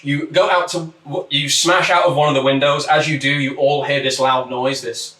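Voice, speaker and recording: A man running a tabletop game as game master, narrating in a relaxed way with many ums and uhs. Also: fairly high pitch, moderate pace. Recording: echoey room, distant mic, faint noise.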